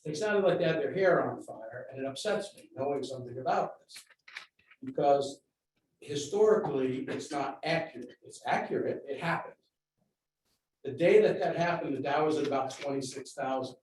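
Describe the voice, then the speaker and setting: A man's voice: medium pitch, darkish tone. Man lecturing at a board meeting. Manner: measured, lecturing with facts and figures. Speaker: public commenter at a school board meeting. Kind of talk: public comment speech. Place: large meeting room. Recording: very echoey room, distant mic, faint noise.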